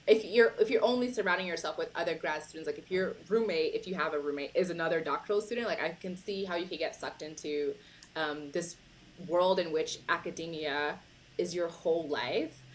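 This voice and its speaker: A woman's voice: fairly low pitch, fairly quick, slight background noise, low-quality recording. A woman hosting a podcast interview over a video call, chatting casually and agreeing often with a laugh. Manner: affirming, frequent laughter. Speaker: podcast host.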